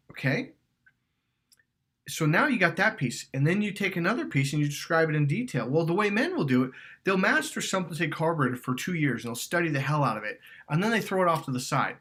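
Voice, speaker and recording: A man coaching on dating in an animated, emphatic way. His voice sits a little high and swings widely in pitch. He swears freely and acts out quoted lines with force. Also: fairly quick.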